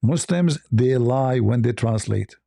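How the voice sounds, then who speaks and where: Sarcastic man with a lively, dark voice. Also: mid-range voice, unhurried, gravelly, dry recording, studio quality. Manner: sarcastic, challenging, rhetorical questions. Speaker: online debate show host. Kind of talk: polemical commentary.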